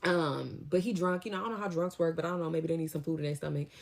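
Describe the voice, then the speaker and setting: A young adult woman casually telling a storytime tale, in an animated, slangy way with lively acted-out quotes. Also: low-pitched, fast, vocal fry. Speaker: storytime vlogger.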